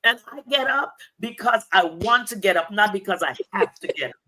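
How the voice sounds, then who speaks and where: Bright-voiced older woman, exhorting. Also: medium pitch, expressive, fairly quick. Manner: earnest, exhorting. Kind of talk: preaching-style talk.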